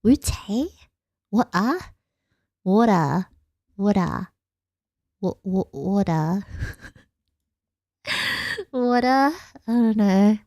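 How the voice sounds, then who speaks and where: A woman's voice: mid-range voice, lively intonation, very slow, long pauses, dark tone, no room sound, studio quality. Giggly Australian woman chatting late-night. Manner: giggly and rambling, reads chat aloud. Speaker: vtuber streamer. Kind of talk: casual late-night chat with viewers.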